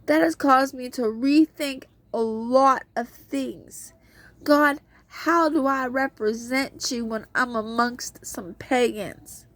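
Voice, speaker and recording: A woman's voice: high voice, takes it slowly, fairly bright tone. A woman hosting a podcast, giving a casual devotional talk on a Bible book and acting out quotes in an earnest storytelling tone.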